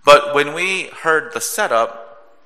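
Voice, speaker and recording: A male pastor preaching a sermon in a measured teaching tone, often checking in with a rhetorical "right?". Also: a little high, expressive, pushed and bright. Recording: long reverb of a large hall.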